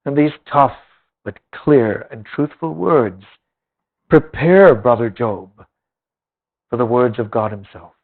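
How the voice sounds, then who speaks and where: A man's voice: medium pitch, takes it slowly, long pauses. Man teaching a Bible class, tinny recording. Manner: reads scripture aloud then explains it emphatically. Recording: tinny lo-fi phone-like old recording.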